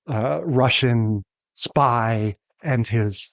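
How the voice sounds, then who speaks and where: A man co-hosting a podcast in casual chat, rambling and often checking in with a quick "right?". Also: mid-range voice, a bit bright. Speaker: podcast co-host.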